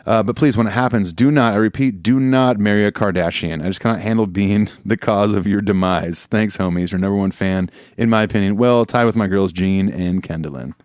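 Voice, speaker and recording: Laid-back low-voiced male podcast co-host. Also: a little fast, few pauses, a little mellow, dry recording, studio quality. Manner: laid-back, swears casually. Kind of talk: casual chat, reading listener mail.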